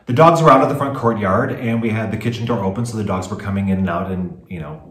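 A man co-hosting a casual home vlog, recounting events in steady detail. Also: fairly low pitch, fast. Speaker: co-host, chateau owner. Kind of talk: casual chat. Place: home in a French chateau. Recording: roomy echo.

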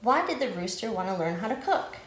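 A woman nutrition educator reading a picture book aloud to children, with an animated, sing-song manner. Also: medium pitch, a little fast, reverberant.

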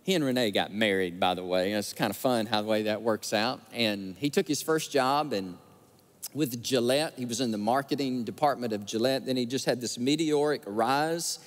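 A man preaching a sermon, telling stories and acting out the quotes with animated feeling. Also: mid-range voice, moderate pace. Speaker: pastor. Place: large church sanctuary. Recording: church sanctuary with long reverb.

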